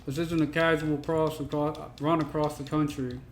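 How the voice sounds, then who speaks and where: A man casually commenting on a video game as he plays, excitable and joking. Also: fairly high pitch, moderate pace, roomy sound. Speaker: streamer playing a game.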